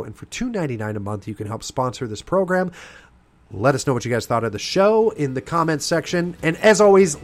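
A man's voice: medium pitch, big pitch swings, a little fast, vocal fry. A man from the US East Coast hosting a political podcast, delivering a heated, indignant commentary monologue straight to his listeners. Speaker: podcast host.

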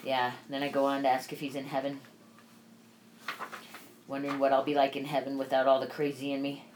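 A woman with a strikingly deep voice speaks on a candid podcast. She is blunt and swears freely, and at times she reads from her own grief journal. A faint ambient hum sits behind her. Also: completely flat delivery, brisk, a little mellow, rough recording. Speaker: podcast guest.

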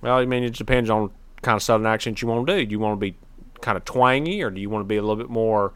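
A man's voice: on the low side, steady tone, very fast, fairly bright tone, clean tone. A man co-hosting a podcast, chatting casually and rambling a bit with restarts. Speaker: podcast co-host. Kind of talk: casual chat.

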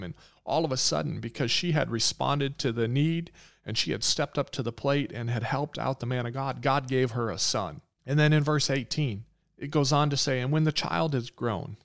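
A man's voice: medium pitch, vocal fry, fairly bright tone. A man preaching a sermon, retelling a Bible story in an earnest, repetitive way.

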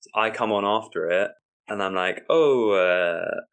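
A man's voice: lowish voice, moderate pace. Man telling a comic story. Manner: animated, acts out quoted voices, laughs often. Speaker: stand-up comedian guest. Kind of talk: casual storytelling.

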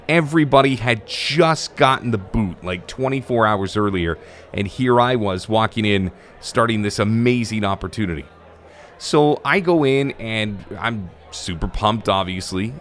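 A man with a somewhat low voice recounts a story from his time as a stadium broadcaster and rink announcer. He sounds casual and animated, flowing easily like someone comfortable on a microphone.

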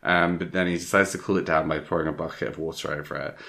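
A man's voice: very deep voice, fairly even intonation, quick pace, gravelly, bright, forceful tone. A man co-hosting a podcast, recapping a film in a rambling, casual way with many ums and acted-out lines. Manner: rambling, lots of ums, acts out characters' lines. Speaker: podcast co-host.

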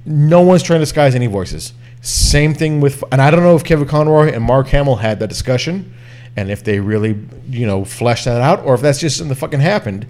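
Swearing, animated male podcast host. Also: mid-range voice, moderate pace. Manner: heavy swearing, animated, drops and raises his voice to demonstrate. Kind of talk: casual chat.

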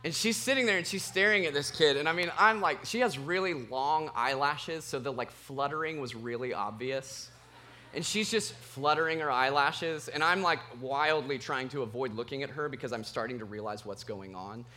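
A man preaching a sermon as pastor, telling a personal story in an animated, self-mocking way. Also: medium pitch, moderate pace, slight background noise.

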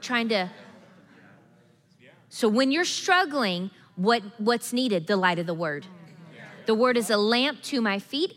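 Bright-voiced woman pastor preaching emphatically. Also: mid-range voice. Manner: emphatic, repetitive, building to forceful declarations. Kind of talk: sermon. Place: church sanctuary. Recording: long reverb of a church hall.

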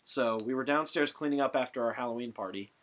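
Bright-voiced young man telling a story. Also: mid-range voice, quick pace. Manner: animated storyteller, laughs often, swears casually. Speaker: podcast co-host. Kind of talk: casual chat.

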